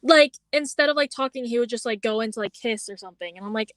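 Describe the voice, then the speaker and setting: A woman's voice: a little high, quick pace, fairly bright tone, no echo. A young adult woman on a podcast, recounting a story casually with a lot of "like" and acted-out quotes. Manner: chatty storytelling, heavy use of "like", acts out quoted lines. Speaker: podcast co-host. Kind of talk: casual chat.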